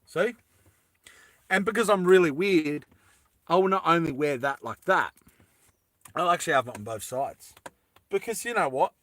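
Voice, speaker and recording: A man's voice: fairly high pitch, lively intonation, moderate pace, long pauses, fairly bright tone. A man chatting casually and playfully with live viewers while he makes earrings, joking and giggling often. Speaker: live streamer making jewellery. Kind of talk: casual live-stream chat while crafting.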